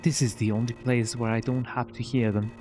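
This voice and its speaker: Reading game lines live, a man plays a forlorn android separated from others of its kind, raising his voice into a mock-dramatic register with a fake British accent. Underneath, his darkish voice is close to everyday speech, fairly quick and flat in pitch, with a little hiss or hum on the recording.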